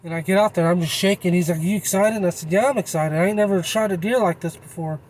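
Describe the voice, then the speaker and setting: A man's voice: sits high, fast talker, a little mellow, slight background noise, poor audio. A man telling a hunting story in a casual, rambling, folksy way. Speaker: channel host.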